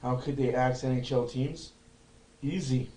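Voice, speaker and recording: Excitable man calling a hockey stream. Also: mid-range voice, unhurried, roomy sound, rough recording. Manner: excitable, repeats himself, swears. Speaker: fan livestream host. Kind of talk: casual fan commentary.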